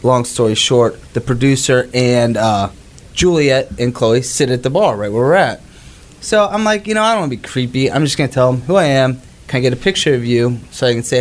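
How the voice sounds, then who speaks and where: A man's voice: mid-range voice, lively intonation, brisk. A man with the flu, sucking a cough drop, telling a rambling anecdote on a podcast as a reporter, slipping in quoted asides. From Florida Gulf Coast. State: sick with flu. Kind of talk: casual podcast storytelling.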